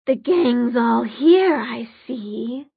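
A woman's voice: a little high, lively intonation, drawn-out words, vocal fry, breathy edge, no room sound, full character voice. A woman voicing a smug, pleasant male demon who drawls in a bored way. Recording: dry, phone-like narrow sound.

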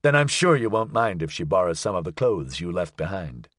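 A man's voice: sits low, very animated, brisk, fairly bright tone, no echo, voice pushed down. A man voicing a dry, sardonic private detective. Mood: wry. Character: wry unflappable male private detective.

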